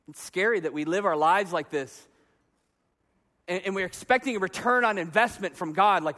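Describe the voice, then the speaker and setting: A man in his thirties delivers a sermon, his voice sitting notably high. He tells animated, self-mocking stories, and the church hall around him trails off in a long reverb. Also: normal speed. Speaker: pastor.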